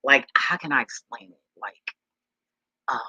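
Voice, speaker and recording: A woman's voice: a bass voice, a little slow, pushed and bright, slightly rough, dry recording, dull audio. A woman vlogger talking loosely and profanely to her viewers, rambling with many restarts and addressing them as y'all. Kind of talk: casual rambling monologue to viewers.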